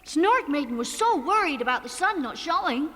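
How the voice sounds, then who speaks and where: A gentle, curious little troll boy with a very high, lively voice, played by a woman. He talks earnestly and a little puzzled, bright and clear in tone. A soft cartoon music score plays behind. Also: normal speed, no room sound. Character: young male troll, gentle, curious and kind. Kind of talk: cartoon voice acting.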